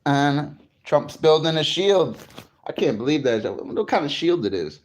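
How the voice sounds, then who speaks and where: A man's voice: a little high, very animated, moderate pace. A man from New Jersey chatting casually on a morning livestream, greeting viewers and swearing freely. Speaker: livestream host.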